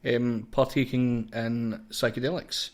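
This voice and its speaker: A man's voice: medium pitch, little pitch movement, a little slow. A young Scottish man hosting a podcast in casual, sweary chat, laughing often with his co-host. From Scotland.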